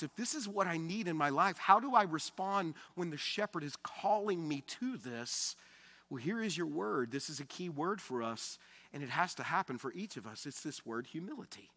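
A man pastor delivers a sermon in a bright, forceful voice with a slightly high pitch. He talks in a conversational way, swelling loud on key points and sinking to near hushes. His voice rings through a large church sanctuary with a long reverb. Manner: conversational preaching, swells loud then drops soft.

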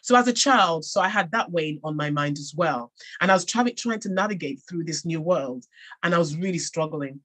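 With lively intonation and a fairly bright, low-leaning voice, an English woman talks a little fast about her own life in a podcast interview. The author stays earnest and reflective throughout, frequently restarting.

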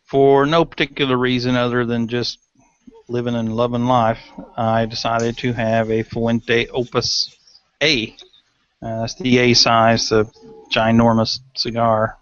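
Relaxed man on a lo-fi podcast. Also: mid-range voice, measured pace, clear, resonant tone, no room sound. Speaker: podcast co-host. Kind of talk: casual podcast chat. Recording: dull lo-fi audio.

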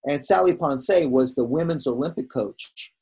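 Husky-voiced older man telling stories. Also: medium pitch, moderate pace. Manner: animated, acts out quoted dialogue. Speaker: guest, veteran hairdresser. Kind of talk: casual storytelling in conversation.

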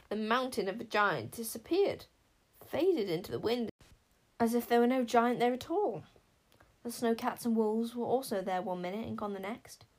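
A woman narrating a fantasy audiobook in an expressive storytelling manner. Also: a little high, poor audio. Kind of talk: scripted narration.

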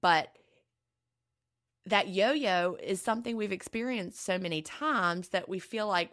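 Bright, earnest middle-aged woman podcaster. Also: medium pitch, measured pace. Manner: earnest, reassuring, personal. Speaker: podcast co-host. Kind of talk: casual podcast chat.

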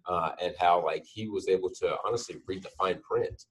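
A man's voice: sits low, moderate pace, recorded from a distance, poor audio. A man co-hosting a podcast, explaining his thoughts casually with fillers. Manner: explanatory, thinks aloud with fillers. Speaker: podcast co-host. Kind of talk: casual chat.

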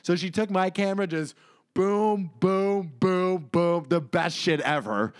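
A man's voice: high voice, unhurried, clear, resonant tone. A young man in casual podcast chat, joking around and swearing as he tells an awkward story. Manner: joking, interjects, swears freely.

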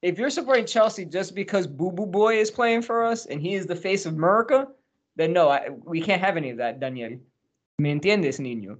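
This podcast co-host rambles and jokes about football with plenty of swearing in a casual chat. His voice sits high, and he sounds animated and fairly quick.

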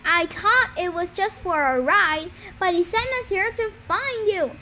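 A woman's voice: high voice, animated, normal speed, fairly bright tone, slight background noise. A woman reading the lines of a defiant, earnest teenage boy hero in an urgent voice. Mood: pleading.

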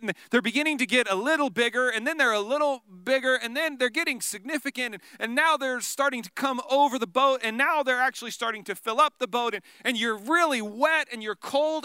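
A man preaching a sermon, telling the story in an animated way and dropping to a hush for dramatic moments. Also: extremely high pitch, fairly quick, few pauses, clear, resonant tone, no echo. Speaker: pastor.

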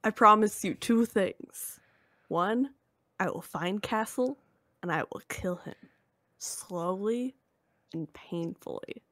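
A woman voicing an unhinged, scarred male mob villain, reading his threat in a low, hushed tone. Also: slow, pauses often, dry recording, studio quality. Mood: quiet menace.

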